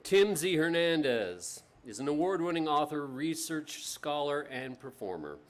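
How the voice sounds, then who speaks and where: A man's voice: on the high side, sing-song, measured pace. A man hosting a literary festival, making loose, chatty announcements with frequent ums and restarts before introducing a reader. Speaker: festival host. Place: outdoor tent stage.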